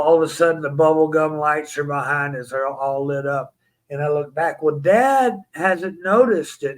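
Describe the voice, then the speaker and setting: A man telling an animated story in an interview, acting out the voices of the people in it. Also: on the high side, low-quality recording. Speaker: interview guest.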